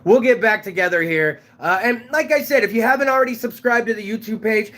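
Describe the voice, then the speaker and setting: A man hosting a casual livestream, talking in a loud, shouting way and swearing freely. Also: sits high, fairly quick. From Fresno, California. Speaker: live show host.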